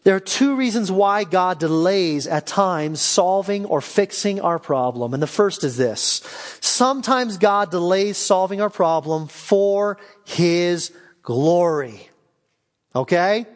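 A man, a guest pastor, preaching a sermon, reading scripture slowly and then pressing questions with rising emphasis. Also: high-pitched, expressive, long reverb tail.

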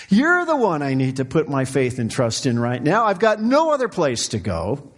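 A middle-aged man preaching a sermon as pastor, swinging from quiet, low passages to fervent, raised cries. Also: very animated, normal speed.

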